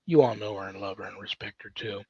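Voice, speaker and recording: A man's voice: lowish voice, quick pace, a little mellow, slightly rough, no echo. Chatty man hosting a podcast. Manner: rambling and chatty, with many fillers. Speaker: podcast host. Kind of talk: casual podcast interview. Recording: dull, dry podcast recording.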